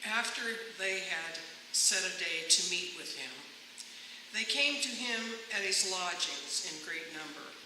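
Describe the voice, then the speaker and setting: A man with a fairly high voice reads scripture in a slow, measured way. He is heard from far off in a reverberant church hall, with clear background noise. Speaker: scripture reader. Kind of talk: scripture reading. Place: church sanctuary. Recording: distant mic in echoey hall with noise.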